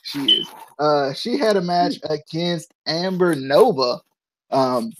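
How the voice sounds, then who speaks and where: A man's voice: fairly high pitch, expressive, slow pace, crowd noise, low-quality recording. A man co-hosting a casual wrestling review podcast, talking loosely and playfully and tripping over names. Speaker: podcast co-host.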